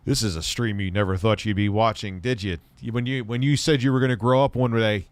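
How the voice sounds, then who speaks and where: A man's voice: fairly low pitch, fairly even intonation, fairly quick, clear, resonant tone, dry recording. A middle-aged man hosting a live tech stream, rambling and cracking crude jokes at his chat.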